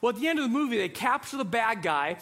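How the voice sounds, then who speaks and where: A man preaching a sermon as a pastor, telling a lively story and acting out the voices in it. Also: extremely high pitch, fast. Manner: animated storytelling, acts out voices.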